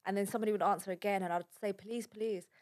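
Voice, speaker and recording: A woman telling a personal story in a halting, shaken way, with many fillers. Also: medium pitch, steady tone, darkish tone. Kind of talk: casual spoken account.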